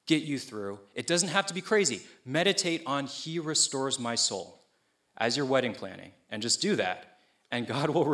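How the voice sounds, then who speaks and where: Bright-voiced casual young pastor. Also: male voice, medium pitch. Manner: casual youth-pastor delivery, checks in with listeners. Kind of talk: sermon.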